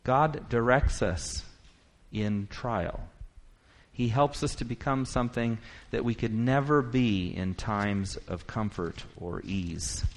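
Preacher swinging between hush and fervor. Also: male voice, mid-range voice. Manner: wide swings from quiet reflection to rising emphatic declaration; reads scripture aloud in rapid bursts. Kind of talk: sermon.

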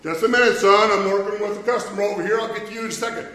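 A busy gas station attendant brushes off a customer calmly, put on by a man. His voice is high and bright, and it rings through a big echoey room from far off the mic. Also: very fast, a little hiss or hum. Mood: offhand.

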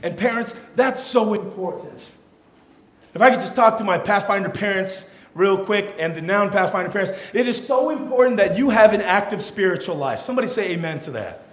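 A man preaching a sermon in a church, swinging from loud emphatic peaks down to low, soft lines. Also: expressive, fairly quick. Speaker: pastor. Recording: echoey church hall.

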